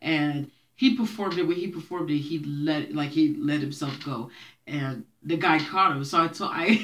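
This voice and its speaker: Raised in Brooklyn by a Haitian family, this young woman spoke Haitian Creole growing up. Her low, fairly bright voice carries a slight hiss or hum as she tells childhood tales to camera at a normal speed, chatty and often laughing.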